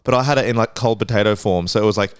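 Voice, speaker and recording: A man co-hosting a podcast, casually telling a story with swearing and getting excited as it builds. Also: rapid-fire, clear, resonant tone, dry recording, studio quality. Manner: animated storyteller, swearing, rising pitch when excited. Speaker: podcast co-host. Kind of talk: casual chat.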